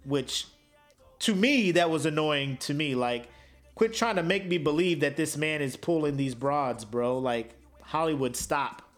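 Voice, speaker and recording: A man's voice: a little high, a little slow, faint music behind. A man co-hosting a podcast in casual chat, joking and slangy, laughing often. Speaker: podcast co-host.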